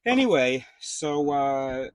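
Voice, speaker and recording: A man's voice: mid-range voice, big pitch swings, slow, clean tone, dry recording. A man casually telling a rambling story to the camera, swearing freely and restarting his sentences. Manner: rambling, profane, full of fillers and restarts. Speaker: vlogger.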